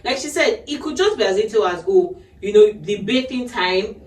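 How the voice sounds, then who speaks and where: A woman's voice: mid-range voice, expressive, moderate pace. A woman hosting a podcast, giving earnest advice to parents in a casual chat and laughing often. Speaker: podcast host. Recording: echoey room, mic at a distance.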